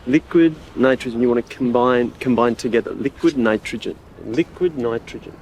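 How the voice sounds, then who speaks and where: A man's voice: medium pitch, moderate pace, darkish tone, a little hiss or hum. A man drilling a speaker on phrases and encouraging her as she repeats them. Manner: encouraging, repetitive. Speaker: pronunciation coach. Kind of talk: practice drill.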